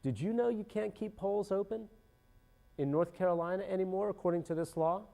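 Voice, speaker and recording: A man's voice: high-pitched, fairly quick, gravelly. A middle-aged man hosting a casual political commentary show. He rambles and keeps breaking off to restart his sentences. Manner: rambling, animated, self-interrupting with many restarts. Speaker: podcast host.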